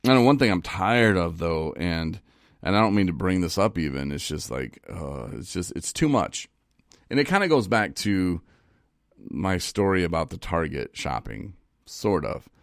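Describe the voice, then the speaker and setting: A man in a casual live-stream monologue, halting and repeating words, laughing at himself, and getting choked up. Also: low voice, sing-song, creaky, no room sound, studio quality. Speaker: recovery vlogger. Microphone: phone.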